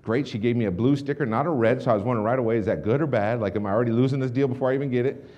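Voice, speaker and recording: Fast-talking animated man on stage. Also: medium pitch, dull audio. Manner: animated, acts out dialogue with restarts and asides. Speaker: motivational speaker presenting to a business audience. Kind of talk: energetic storytelling keynote. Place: conference stage before a large audience.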